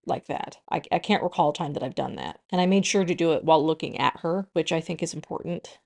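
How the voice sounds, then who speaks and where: A young woman hosting a casual vlog, soft and tearful at times, then bubbly and excitable. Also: fairly low pitch, creaky. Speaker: vlogger.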